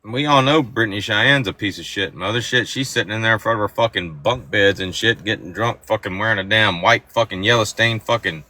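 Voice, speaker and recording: A man's voice: on the low side, brisk, few pauses, bright, forceful tone. A man hosting a livestream, chatting casually and bluntly with heavy swearing as he gossips about other streamers. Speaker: livestream host.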